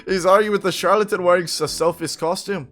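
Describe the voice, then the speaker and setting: A man's voice: sits high, fairly even intonation, a little fast, fairly bright tone, faint music behind. A man voicing a scornful, hostile young man who snaps in a sneering, raised voice while reading game dialogue aloud.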